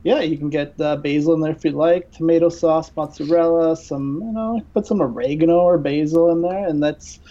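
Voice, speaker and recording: A man guesting on a podcast, playing along with a pretend cooking show in a joking, halting way full of fillers. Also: a little high, mellow, dull audio. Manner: playful, hesitant with many fillers. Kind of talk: mock cooking-show demonstration.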